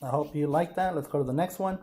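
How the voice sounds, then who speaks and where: Male teacher, mellow tone, casual, thinking aloud through a lesson. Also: fairly high pitch, quick pace. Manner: casual, thinks aloud while drawing, addresses class as guys. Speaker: math teacher. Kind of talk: informal lesson walkthrough.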